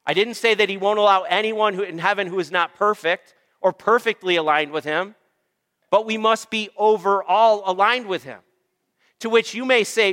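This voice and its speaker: A man's voice: high voice, moderate pace, a bit bright, long reverb tail. A man preaching a sermon as pastor, emphatic and repetitive, calling on the congregation for amens. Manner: emphatic, repeats phrases, calls for amens.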